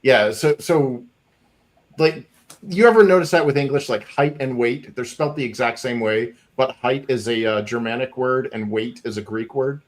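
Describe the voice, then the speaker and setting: A man co-hosting a casual comics chat. He rambles quickly and restarts his sentences often. His voice sits at an ordinary middle pitch.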